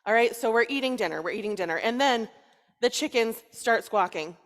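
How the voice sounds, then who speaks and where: Lively woman rabbi telling a story. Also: fairly high pitch, fairly quick. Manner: lively, playful, coaxing the children. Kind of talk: storytelling sermon to children. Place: synagogue sanctuary. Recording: long reverb in a large hall.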